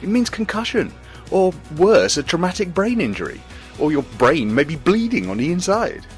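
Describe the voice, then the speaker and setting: A man's voice: a little high, very animated, moderate pace, faint music behind. A man delivering an exasperated, sardonic scripted rant as a podcast presenter. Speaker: segment presenter.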